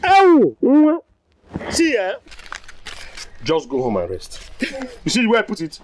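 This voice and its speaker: An actor playing a boisterous, proud middle-aged father with a Nigerian accent, loud and laughing. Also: high-pitched, wildly swooping pitch, slow, a little hiss or hum, exaggerated voice. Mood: jubilant.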